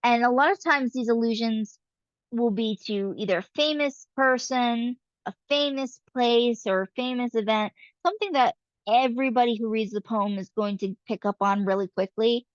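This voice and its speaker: A woman giving a casual, explanatory literature lecture, often pausing with fillers. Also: on the high side, dry recording, dull audio.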